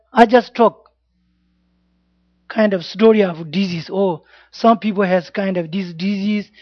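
In an informal Dharma class, a Buddhist teacher speaks plain, broken English in a mid-range voice and keeps checking in with the class using "yeah?" and "you know". There's no room sound, and the lo-fi recording comes across dull and dry.

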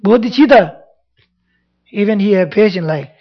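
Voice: mid-range voice, lively intonation, moderate pace. A Buddhist teacher giving a dharma talk in broken English, repeating phrases and checking in with the audience. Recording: dull lo-fi recording.

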